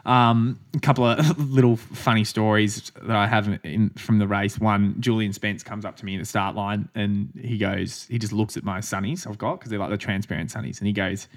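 An Australian man with a slightly low voice, spinning a yarn on a podcast. He talks casually, swears often, and laughs through his own stories. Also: steady tone, moderate pace, few pauses. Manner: chatty storytelling, swears freely, laughs as he talks. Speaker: podcast co-host, runner. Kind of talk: casual chat.

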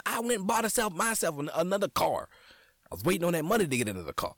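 A man hosting a podcast as a comedian, in a casual, profane monologue that jumps into high, excited outbursts. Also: fast, no echo, studio quality.

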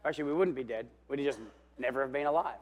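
A man preaching a sermon, telling the story with animation and swinging between loud and hushed while calling out for amens. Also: mid-range voice, fast talker. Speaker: pastor.

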